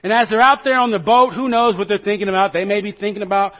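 A man's voice: high-pitched, fairly even intonation, fast talker. A male pastor preaching a sermon to a congregation in a church, conversational and joking, often asking the listeners questions. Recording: dull lo-fi recording.

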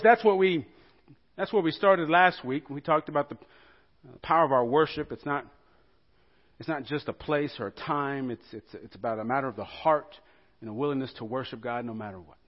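A man preaching a sermon as pastor, telling the story with animated rhetorical questions to the congregation. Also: medium pitch, lo-fi sound.

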